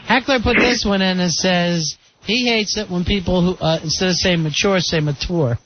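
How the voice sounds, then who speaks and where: A man's voice: high voice, normal speed, slight background noise. A man hosting a casual radio talk show, joking with his co-host and taking calls. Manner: jokey, leads the segment, takes calls. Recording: dull lo-fi radio broadcast.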